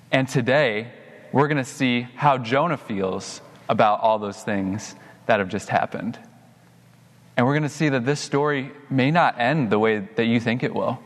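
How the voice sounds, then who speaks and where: A young adult man preaching a sermon as a pastor, telling a personal story and getting animated when he quotes himself. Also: medium pitch, long reverb tail.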